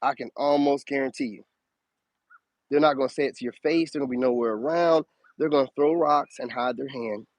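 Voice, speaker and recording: A man's voice: a little fast, dry recording, rough recording. Man preaching on his stream, voice jumps way up when he stresses stuff, dry close mic. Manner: animated, preachy, swoops up high for emphasis. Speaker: spiritual advice streamer. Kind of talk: casual live-stream monologue.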